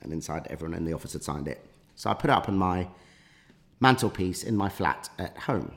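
Rambling man with a low voice. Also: animated, brisk, fairly bright tone. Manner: rambling anecdotal, many fillers and restarts. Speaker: podcast guest. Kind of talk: casual storytelling chat.

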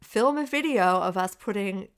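A woman co-hosting a casual film chat who talks in a relaxed, chatty way and laughs along. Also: mid-range voice, normal speed, clear, resonant tone. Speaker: podcast co-host.

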